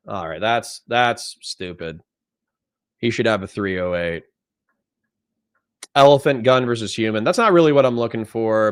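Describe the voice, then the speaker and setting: A man hosting a livestream, reading out chat messages and answering them in a blunt, profane, conversational way. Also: fairly low pitch. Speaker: livestream host.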